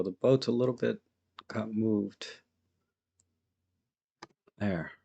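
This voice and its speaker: A man hosting a live photo-editing stream, thinking aloud in a relaxed, chatty way as he works and greets viewers in the chat. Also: on the low side, gravelly.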